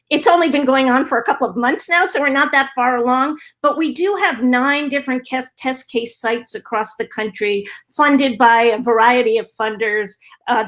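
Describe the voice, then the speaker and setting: A woman speaking on a panel about tutoring research, explaining fluently with a few fillers. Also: fairly high pitch. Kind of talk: panel discussion.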